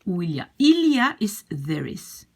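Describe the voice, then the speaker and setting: A woman with a Dutch accent teaching a language lesson, patiently repeating phrases slowly. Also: medium pitch, sing-song, a little mellow.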